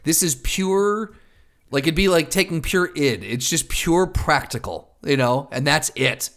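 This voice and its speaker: A man co-hosting a podcast in casual chat, animated and often laughing. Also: on the high side, measured pace. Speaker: podcast co-host.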